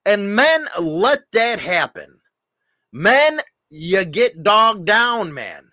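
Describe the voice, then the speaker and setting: Middle-aged man, slow deliberate talk, high voice, blunt and opinionated, livestream chat. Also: very animated, no echo, studio quality. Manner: blunt, opinionated, rising to loud rants. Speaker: livestream host. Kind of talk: casual livestream chat reading comments.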